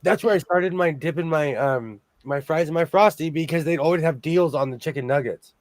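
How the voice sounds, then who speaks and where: A man's voice: on the high side, fairly quick, no echo. A man in his forties from California, hosting a rambling casual chat over a video call. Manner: rambling, chatty storyteller.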